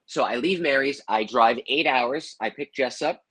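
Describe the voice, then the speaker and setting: A husky-voiced middle-aged man talking in a casual interview. He tells a long personal story, acting out what others said and tossing in "man" and "you know what I mean". His pitch sits in a middle range. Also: moderate pace, hardly any pauses, fairly bright tone, poor audio. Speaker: interview guest, firefighter and psychic.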